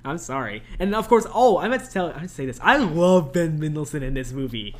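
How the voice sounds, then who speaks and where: Lively young man laughing through a movie chat. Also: fairly high pitch, fairly quick. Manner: animated, laughs often, quotes lines in funny voices. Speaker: podcast co-host. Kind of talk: casual movie review chat.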